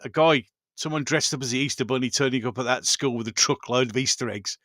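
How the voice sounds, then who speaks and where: A man's voice: mid-range voice, quick pace, fairly bright tone, dry recording, clean studio sound. A man hosting a casual live chat, greeting viewers and reminiscing with enthusiasm, often repeating himself and laughing. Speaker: livestream host.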